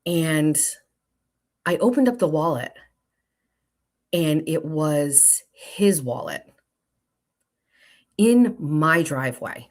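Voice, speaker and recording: A woman's voice: sits low, expressive, slow, long pauses. A woman hosting a show, telling a casual story to her viewers, chatty and swearing freely and often breaking off to talk to others in the office. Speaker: show host. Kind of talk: casual storytelling to a live audience.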